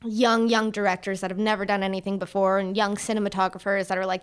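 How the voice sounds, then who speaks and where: Animated young woman actor chatting. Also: mid-range voice, quick pace, clear, resonant tone. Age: 20s. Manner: animated, acts out quoted voices. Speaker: actor guest. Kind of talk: casual podcast chat.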